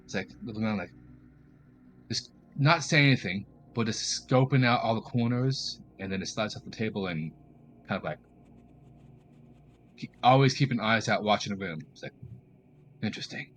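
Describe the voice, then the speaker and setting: A man casually describing his game character in a relaxed, hesitant way with many fillers. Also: on the low side, moderate pace, long pauses, slight background noise. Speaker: player.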